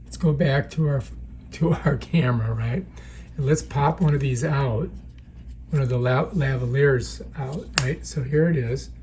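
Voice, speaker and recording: A man's voice: mid-range voice, measured pace, a little mellow, slight background noise. A man giving a casual, chatty product demonstration in an indoor room, often checking in with the viewer. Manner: chatty, keeps checking in with "right?". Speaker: product reviewer.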